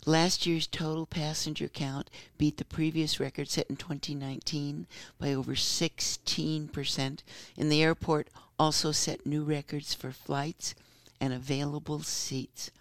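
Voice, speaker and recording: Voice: mid-range voice, little pitch movement, measured pace, fairly bright tone, no room sound, clean studio sound. Playful, chatty radio host. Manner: playful, chatty, laughs easily. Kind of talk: casual radio chat.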